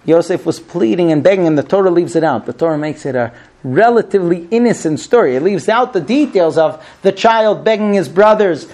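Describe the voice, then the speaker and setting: A middle-aged man giving an informal Torah class, telling the story with lively acted-out dialogue. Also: moderate pace. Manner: animated storyteller, acts out quoted speech with high pleading voice. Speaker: rabbi teaching the weekly Torah portion.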